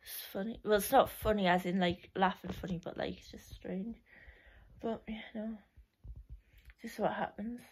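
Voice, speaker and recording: A woman's voice: medium pitch, fairly even intonation, normal speed, pauses often, breathy edge. A young woman reminiscing in a casual, rambling way, full of "like" and restarts, often laughing.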